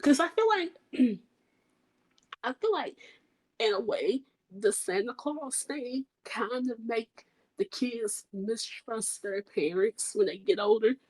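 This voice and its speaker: A woman co-hosts a podcast in casual chat, speaking very slowly with a husky voice. She muses hesitantly and drops blunt, slangy asides. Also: on the high side, lively intonation, a little mellow, low-quality recording. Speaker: podcast co-host.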